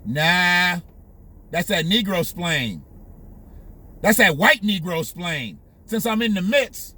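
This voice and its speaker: Male commentary host, very high and bright, heated profane rant. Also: lively intonation, takes it slowly. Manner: heated, profane, emphatic, repetitive.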